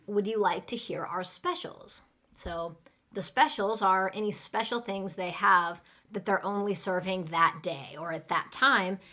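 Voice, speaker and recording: A woman with an American accent teaching English phrases in a live online lesson, saying each phrase slowly and then fast for students to repeat. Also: lowish voice, fairly bright tone.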